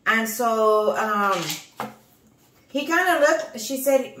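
A woman from Texas in her forties, co-hosting a family channel and telling a ghost story in casual chat, animated and repeating herself. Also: high-pitched, measured pace, pauses often. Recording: echoey room.

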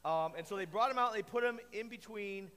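Playful, high-voiced kids' church teacher. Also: male voice, quick pace. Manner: playful, animated, asks the kids questions. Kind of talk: kids' Bible lesson. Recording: echoey hall reverb.

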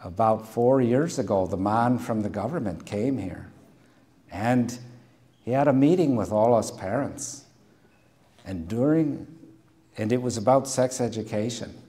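A man's voice: lowish voice, a little slow, dark tone, natural voice. A pastor quoting a big blunt Irish father. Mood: deadpan.

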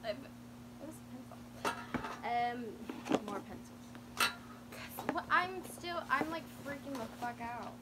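A woman's voice: sits high, animated, takes it slowly, long pauses. Gushing young woman unboxing gifts. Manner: gushing, emotional, swears, exclaims often. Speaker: vlogger. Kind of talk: excited unboxing chat. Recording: loud background noise.

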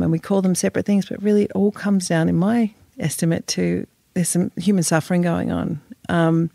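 A woman's voice: fairly low pitch, gravelly, darkish tone, dry recording, studio quality. A woman, speaking frankly and emotionally as a podcast guest, swearing and laughing now and then. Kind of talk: candid podcast interview.

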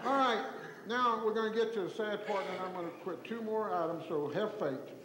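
A Texan man in his sixties telling folksy stories to an audience, animated and chuckling as he acts out the people in them. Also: high voice, brisk. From Tyler, Texas. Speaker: storyteller giving an oral history. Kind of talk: folksy anecdotal talk to an audience. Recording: echoey hall recording with faint noise.

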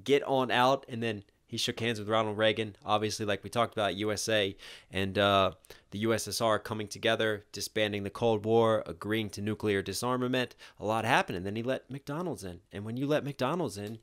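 Animated young man reacting to a video. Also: lowish voice, brisk. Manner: animated, laughs often, swears casually. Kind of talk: casual reaction commentary.

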